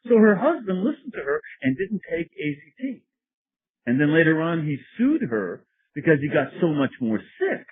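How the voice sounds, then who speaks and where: A priest tells wry stories in a lecture, often chuckling at his own material. His slightly high voice swings widely in pitch and has a husky edge. The sound is tinny and narrow, like a phone line. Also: very animated, normal speed. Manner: wry, storytelling, laughs at his own anecdotes. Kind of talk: sermon-like lecture.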